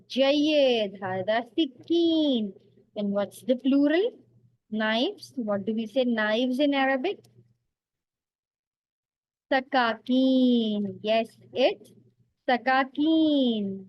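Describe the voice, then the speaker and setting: A woman teacher running a vocabulary quiz, asking questions and praising answers in a slow, drawn-out, patient way. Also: high-pitched, animated, dry recording, highs cut off. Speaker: language teacher.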